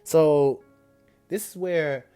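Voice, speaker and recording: A man's voice: a little high, very slow, dark tone, clean tone, faint music behind. A young man improvising a fan-fiction story in a rambling, casual way, full of fillers and self-corrections.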